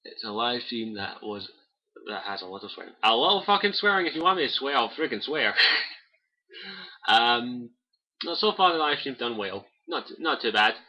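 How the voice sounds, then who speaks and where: A man's voice: mid-range voice, expressive, moderate pace, lo-fi sound. A young Scottish man chatting casually on a livestream, rambling with lots of fillers and swearing freely, on a cheap desk mic at home. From Scotland. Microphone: cheap desk mic by keyboard.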